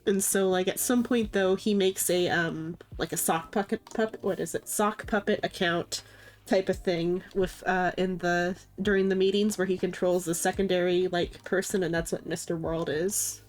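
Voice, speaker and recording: A woman's voice: fairly low pitch, fairly even intonation, normal speed, faint music behind. A woman streaming live with a congested, stuffy voice, rambling casually and leaning on filler words. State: congested, sniffling. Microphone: desk microphone, mutes to sniffle.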